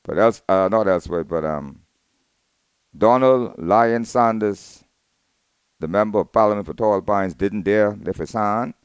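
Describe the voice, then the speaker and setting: A Bahamian man in middle age running his own talk show with a fairly low, smooth, resonant voice. The sound is close and dry, with no room around it. He talks in an animated way, muttering low asides one moment and booming the next. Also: no room sound. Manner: animated, swings from low asides to loud outbursts. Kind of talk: opinionated talk radio monologue.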